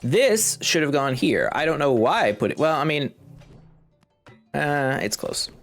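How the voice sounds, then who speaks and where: A man's voice: a little slow, faint music behind. Congested man mulling over game choices. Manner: thinks aloud, chuckles, lively pitch. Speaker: gaming video host. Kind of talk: casual game commentary.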